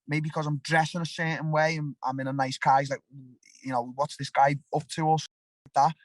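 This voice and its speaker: A man's voice: on the high side, little pitch movement, a little fast, no echo. A young man with a Liverpool accent, a fighter talking bluntly and animatedly in an interview, often restarting his sentences. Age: young adult. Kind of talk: casual interview talk.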